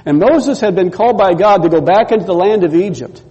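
High-voiced preacher in a reverberant hall. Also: male voice, lively intonation, brisk, mellow, dull audio. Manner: storytelling, acts out quoted voices, repeats words. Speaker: pastor. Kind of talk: sermon.

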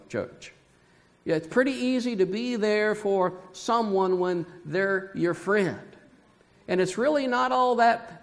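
A man's voice: high-pitched, gravelly, long reverb tail. A man preaching a sermon to his church, telling a folksy story and chuckling often. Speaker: pastor. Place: church sanctuary.

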